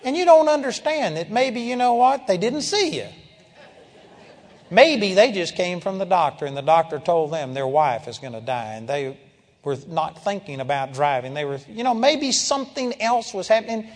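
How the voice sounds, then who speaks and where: A man's voice: high-pitched, expressive, moderate pace. A man preaching a sermon to a congregation, telling a story through quoted dialogue and building to emphatic swells. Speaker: pastor. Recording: long hall reverb.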